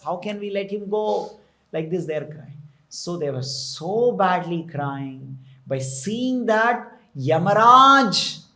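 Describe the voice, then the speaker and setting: A man's voice: sits high, fairly bright tone. A man with an Indian English accent, telling a scripture story as a temple preacher, with repeated phrases and Sanskrit words mixed in.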